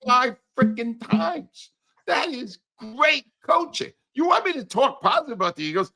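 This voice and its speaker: An older man, a sports commentator, ranting sarcastically about coaching in a loud, exasperated way. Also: very high voice, very animated, normal speed, creaky. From United States. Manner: sarcastic, exasperated, wildly swinging emphasis. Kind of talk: animated radio-style rant.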